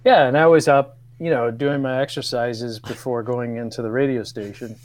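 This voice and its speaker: A man in his fifties, a guest on a radio show, telling old stories with laughs and halting restarts. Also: mid-range voice, steady tone. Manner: storytelling, laughs often, hesitant restarts. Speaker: guest, former radio co-producer. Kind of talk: casual radio chat.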